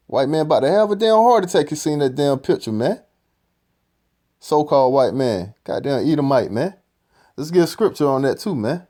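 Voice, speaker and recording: A man's voice: a little high, animated, normal speed, warm tone. A man giving profane, ranting scripture commentary, repeating "man" at the end of phrases. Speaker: street-style preacher commenting on a clip.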